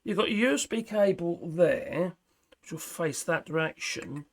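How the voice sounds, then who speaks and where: A man with a fairly high voice chats away as he unboxes a microphone, muttering to himself as he fiddles. Self-mocking and casual, he talks straight to camera from an indoor home setup. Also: lively intonation, a little slow, vocal fry. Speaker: product reviewer.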